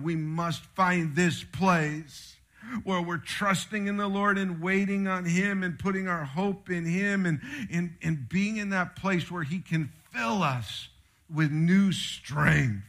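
A middle-aged male pastor preaching a sermon, moving between loud exhortation and quiet, joking asides. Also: on the high side.

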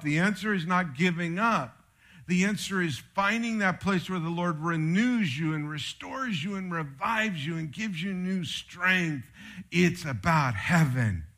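A middle-aged male pastor preaching a sermon, moving between loud exhortation and quiet, joking asides. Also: a little high, slow.

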